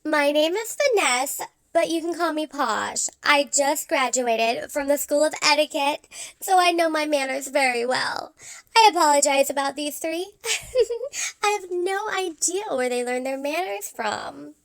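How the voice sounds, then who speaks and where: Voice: high-pitched, unhurried, creaky, a bit bright, no echo, exaggerated voice. A performer voicing a prim, genteel female cat who recently graduated from etiquette school.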